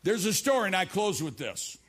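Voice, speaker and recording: A middle-aged male pastor preaching a televised church sermon, telling stories and moving from loud, emphatic lines to low, quiet asides. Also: very animated, fairly quick, slightly rough. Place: church service filmed for television.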